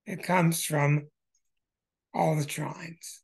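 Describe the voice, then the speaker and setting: A man hosting an astrology show who walks through birth charts in an emphatic way, with bursts of excitement. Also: on the high side, extremely slow, vocal fry, slightly rough.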